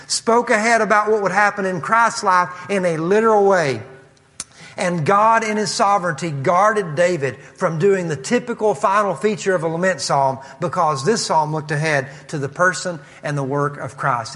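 A man's voice: high voice, fairly bright tone. A man preaching an expository sermon, reading scripture quotes in an earnest, emphatic way. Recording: long hall reverb.

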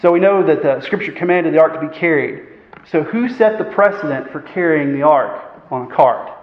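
A man preaching a sermon. He poses rhetorical questions and often clears his throat. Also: on the high side, moderate pace. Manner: earnest, asks the congregation rhetorical questions; frequent fillers and throat clearing. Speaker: pastor. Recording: echoey hall, dull sound.

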